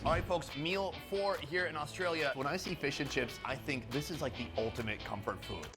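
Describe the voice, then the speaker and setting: A man narrates a food review with bright enthusiasm and quick comic asides. His voice sits a little high for a man, and music plays clearly beneath him. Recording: background music under voice.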